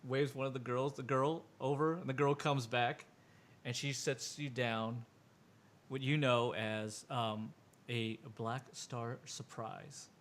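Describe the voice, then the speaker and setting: A man's voice: mid-range voice, fairly even intonation, takes it slowly, a bit bright, slight background noise. Rambling male game master. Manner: rambling, filler-heavy narration. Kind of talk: narrating a tabletop game.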